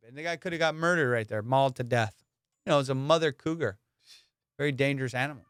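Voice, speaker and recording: A man hosting a casual comedy podcast, telling stories in an animated, profane way and laughing often. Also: on the high side, fast talker, clean tone, no room sound, clean studio sound.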